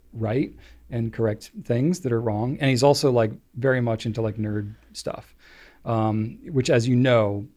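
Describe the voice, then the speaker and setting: A man's voice: mid-range voice, a little mellow. A middle-aged man co-hosting a podcast, chatting casually and rambling with lots of fillers. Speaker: podcast co-host. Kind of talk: casual chat.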